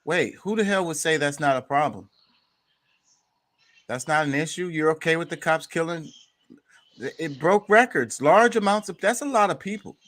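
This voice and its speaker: A man's voice: fairly high pitch, lively intonation, moderate pace, pauses often, fairly bright tone. A man hosting a casual talk show, speaking with passion and swearing freely. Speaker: podcast host. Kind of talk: casual chat.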